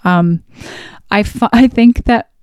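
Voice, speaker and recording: A woman's voice: mid-range voice, slow pace, darkish tone, clean tone, no room sound, clean studio sound. A Canadian woman from Alberta chatting casually to her viewers as a YouTuber, rambling with lots of fillers and laughs. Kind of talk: casual vlog chat.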